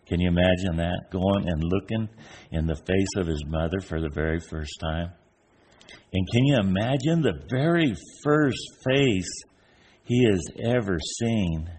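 A man's voice: deep voice, darkish tone, a little hiss or hum. An older man giving an informal, folksy sermon, telling stories and acting out the voices of people in them. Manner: folksy storyteller, acts out imagined voices. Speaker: preacher.

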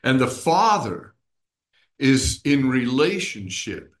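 A man's voice: medium pitch, big pitch swings, slow pace. A man teaching a small group Bible study, explaining patiently and often checking in with his listeners.

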